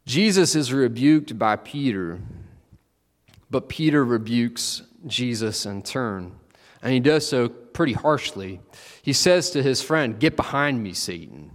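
A man preaching a sermon, telling the story with animated, acted-out quotes. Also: mid-range voice, takes it slowly. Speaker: pastor. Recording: long reverb of a large hall.

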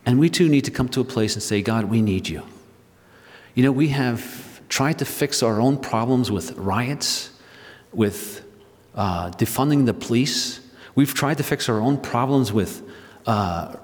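Emphatic preaching man in a reverberant hall. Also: medium pitch. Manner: emphatic preaching, retelling scripture with rising and slowing stresses. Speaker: pastor. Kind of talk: sermon.

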